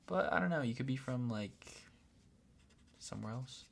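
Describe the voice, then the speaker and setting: A man's voice: medium pitch, brisk, creaky, a little hiss or hum. A man hosting a live stream, chatting casually and replying briefly to viewer messages while he draws. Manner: relaxed, replies briefly to viewer chat.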